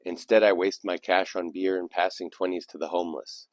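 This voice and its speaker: A man's voice: low voice, flat delivery, fairly quick, no echo. A man hosting his channel, reading submitted poems aloud and adding reflective, digressive commentary between them. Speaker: channel host. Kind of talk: casual commentary and poetry reading.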